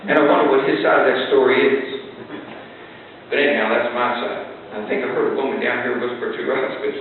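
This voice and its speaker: A man telling a folksy story to a live audience, with an animated delivery and shouted recitations. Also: fairly high pitch, fast talker. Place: large hall with live audience. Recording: distant echoey hall, phone-like sound, faint hiss.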